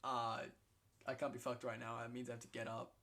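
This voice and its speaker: A man in casual game commentary, excitable and swearing freely, often restarting his sentences. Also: medium pitch, fairly quick, gravelly. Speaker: co-host commentating league matches.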